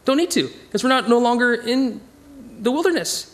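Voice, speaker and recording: A man teaching a casual Bible study, animated and digressive, chuckling as he goes. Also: extremely high pitch, normal speed.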